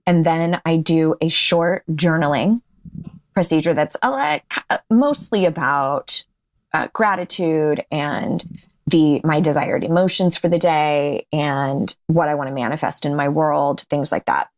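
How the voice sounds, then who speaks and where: A woman's voice: deep voice, a little slow. A woman speaking as a podcast guest in casual interview chat, candid and laughing often. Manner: candid, laughs often, restarts mid-sentence.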